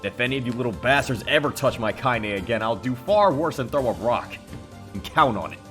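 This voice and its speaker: A man voicing a gruff, foul-mouthed elderly grandmother who speaks bluntly and coarsely, fiercely protective. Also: low-pitched, moderate pace, soft background music, natural voice. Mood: scornful. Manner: blunt, coarse rural speech.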